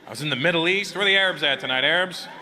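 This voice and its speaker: A male stand-up comedian rambles through crude stories on stage, laughing at his own jokes. His voice sits a little high, and the live recording is noisy. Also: rapid-fire. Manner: rambling, crude storytelling that keeps checking in with the crowd. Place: stage before a live audience.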